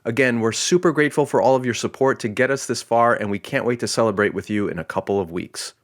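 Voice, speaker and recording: A podcast co-host in a casual chat speaks quickly at medium pitch, recorded with studio quality and no echo. He tells stories in a rambling way, correcting himself as he goes.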